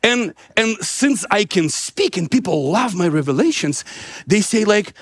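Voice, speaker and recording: Brief: male preacher, high and very expressive, husky, dry close sound, animated testimony. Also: a little slow. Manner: animated, laughing, acts out dialogue. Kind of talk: sermon testimony storytelling.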